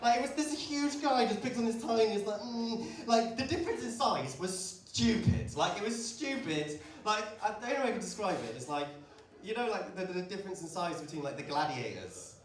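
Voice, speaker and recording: A young man from doing a rambling, animated stand-up routine at a comedy pub. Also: sits high, a little fast, a little hiss or hum. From Bristol, England. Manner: animated, rambling storytelling full of "like" and laughter. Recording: echoey pub room, distant mic, loud crowd. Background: audience laughter.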